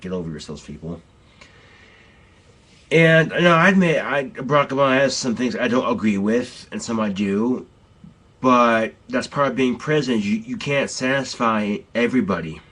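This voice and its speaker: A man's voice: medium pitch, fairly bright tone, husky. A man ranting bluntly and profanely in a casual, rambling vlog.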